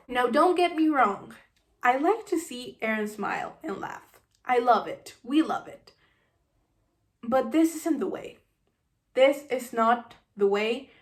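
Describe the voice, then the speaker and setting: Woman book reviewer, animated, sarcastic, fairly high voice, casual rant. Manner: animated and sarcastic, acts out scenes.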